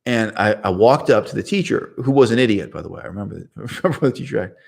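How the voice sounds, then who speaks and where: Brief: man, low gravelly voice, rambling self-correcting monologue. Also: animated, quick pace, a little mellow. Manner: digressive, self-correcting, laughs at his own story. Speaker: channel host.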